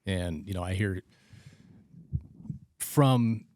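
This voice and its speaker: A man's voice: low voice, extremely slow, darkish tone, no echo, clean studio sound. A man hosting a casual podcast chat, rambling with restarts and acting out remembered exchanges. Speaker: podcast host and trainer instructor.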